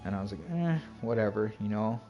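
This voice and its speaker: A man's voice: fairly low pitch, lively intonation, a little fast, dull audio, soft background music. Rambling man streamer chatting casually. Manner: rambling, filler-heavy, acts out quoted dialogue. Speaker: game streamer. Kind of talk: casual chat storytelling to stream chat.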